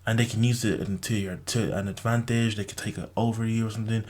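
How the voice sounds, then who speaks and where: A man's voice: fairly low pitch, fairly even intonation, fairly quick, a little mellow. A young man giving blunt, profane advice in a casual monologue, lecturing with many fillers. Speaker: vlogger.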